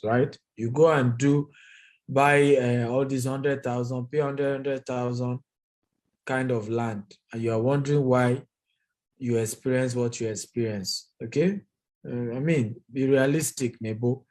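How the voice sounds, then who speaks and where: A man's voice: medium pitch, dark tone. A man hosting a live investment training, talking straight to his viewers, emphatic and repetitive as he answers their comments.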